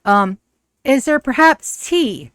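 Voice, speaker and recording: A woman's voice: high voice, animated, takes it slowly, a bit bright, dry recording, pitched above the performer's own voice, exaggerated voice. A courteous, wary male companion speaks with careful politeness, as a woman game master puts him on. He keeps his guard up. The sound is close and dry. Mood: polite.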